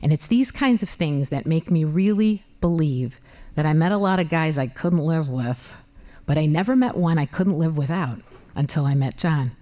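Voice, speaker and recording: A woman in her fifties telling a comic personal story on stage, animated and expressive. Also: low voice, moderate pace. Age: 50s. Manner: animated, comic, voices her own exclamations loudly. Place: library event hall.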